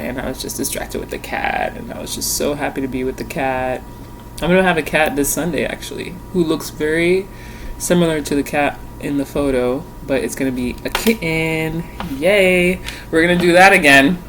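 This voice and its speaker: A woman's voice: low-pitched, background noise. Rambling, laughing woman tarot vlogger. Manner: rambling, laughs often, casual swearing. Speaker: tarot reader and channel host. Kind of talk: casual chatty vlog. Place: at home.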